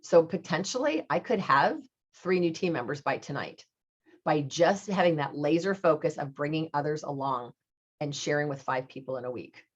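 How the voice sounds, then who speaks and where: A middle-aged woman with a low voice gives her sales team an upbeat coaching talk and presses her points by repeating them. The recording sounds dull and lo-fi. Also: animated, moderate pace, breathy edge. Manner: upbeat and coaching, repeats key phrases for emphasis.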